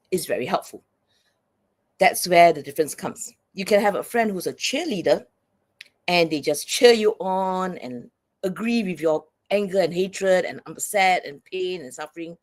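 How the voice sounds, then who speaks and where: Low-voiced woman explaining as interview guest. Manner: earnest, often checks in with "right?". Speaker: guest psychologist and coach.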